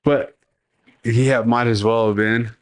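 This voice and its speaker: A man hosting a casual podcast, launching into a long story. He talks in an animated, swearing, chatty way with a middle-pitched voice. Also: a little slow. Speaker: podcast host.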